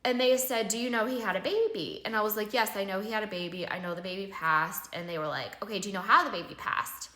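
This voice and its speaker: A young woman telling a personal story casually, animated and full of "like", acting out quoted dialogue. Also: medium pitch, quick pace, few pauses. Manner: animated, filler-heavy "like" retelling with quoted dialogue. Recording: echoey room.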